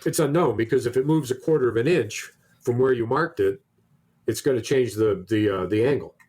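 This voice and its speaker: A podcast co-host with a husky, darkish, mid-range voice tells a long, rambling anecdote at a brisk pace. He keeps restarting as he chats casually and acts out the exchanges he quotes.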